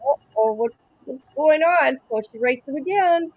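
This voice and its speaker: A woman with a slightly high voice, reacting to messages with disbelief and quick exclamations. She talks casually and asks pointed questions. Her tone is that of informal chat. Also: lively intonation, phone-quality sound. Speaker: co-host reviewing emails.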